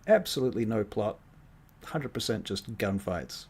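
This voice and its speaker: A man's voice: on the low side, normal speed, vocal fry, breathy edge. A man running a tabletop game as game master, casual and joking. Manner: relaxed, joking, many fillers.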